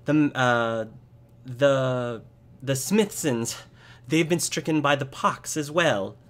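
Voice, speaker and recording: Fretful farm wife, raised pitch, urgent, played by a man. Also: slow pace, lightly acted. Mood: worried. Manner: urgent, fussing. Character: anxious farmer's wife, middle-aged, fretful.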